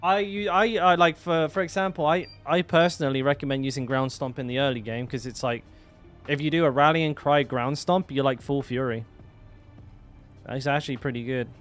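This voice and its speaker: Young guy streaming, mid-pitched, lots of "like" and restarts, quiet music behind. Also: steady tone, normal speed. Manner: rambling, full of "like" and restarts. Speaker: game streamer. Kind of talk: casual live-stream chat.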